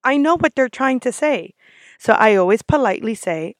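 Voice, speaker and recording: A woman's voice: high voice, expressive, brisk, dry recording, studio quality. A woman who works as a restaurant server, ranting in a casual vlog, blunt and sassy with lots of swearing.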